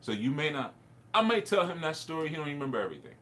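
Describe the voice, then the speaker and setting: A man's voice: fairly high pitch, big pitch swings, rapid-fire, fairly bright tone. A man, a spiritual teacher, telling a personal story in a rambling, reflective way, with laughs and restarts.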